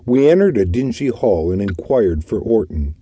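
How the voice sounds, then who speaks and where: A man reading a classic detective audiobook in a measured storytelling manner. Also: fairly low pitch, sing-song, warm tone, husky, no echo. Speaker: audiobook narrator. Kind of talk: scripted audiobook narration.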